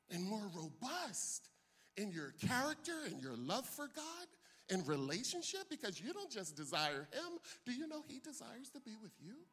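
An older man, a pastor, preaching a sermon with animated delivery that swings from soft asides to loud bursts. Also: high voice, moderate pace, breathy edge.

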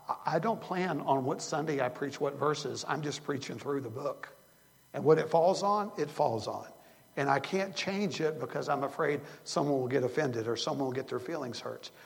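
A man's voice: fairly high pitch, gravelly, in a large hall. An older man preaching a sermon as a pastor, earnest and rambling, often restarting his sentences. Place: church sanctuary.

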